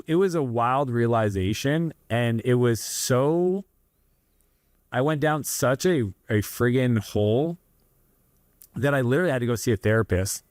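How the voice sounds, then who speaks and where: The guest is an entrepreneur from Canada, a man in his thirties who recounts his story in an earnest, rambling interview full of asides. He speaks at medium pitch on a dry recording with clean studio sound.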